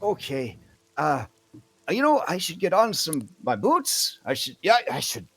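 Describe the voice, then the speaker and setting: A man voicing a fussy, excitable elderly woman with a fluttery way of talking. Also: medium pitch, normal speed, slightly rough. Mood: excited.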